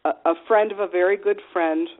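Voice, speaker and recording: A woman guest on a radio interview, heard through a thin, phone-like line at a middle pitch. She tells personal stories frankly and with animation, and her speech is full of ums and you-knows. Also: a little fast. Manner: frank and animated, with many fillers. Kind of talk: candid personal storytelling.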